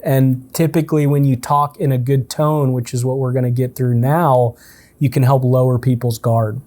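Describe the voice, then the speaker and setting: A man leading a relaxed, conversational coaching session for a team, often checking in with his listeners. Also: medium pitch, normal speed. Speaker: sales trainer. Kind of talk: casual in-person coaching session.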